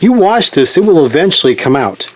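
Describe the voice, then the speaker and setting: A man's voice: a little high, big pitch swings, brisk, slight background noise. A man teaching a hands-on sewing demonstration in a chatty way, often checking in with his viewers. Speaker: sewing instructor.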